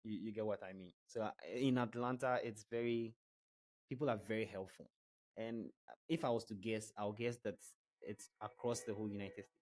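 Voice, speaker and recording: A man's voice: on the low side, steady tone, moderate pace, darkish tone, rough recording. A young man from Ghana with a Ghanaian accent, talking casually as a podcast guest, chatty, laughing easily and repeating words as he restarts. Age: young adult. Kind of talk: casual interview chat.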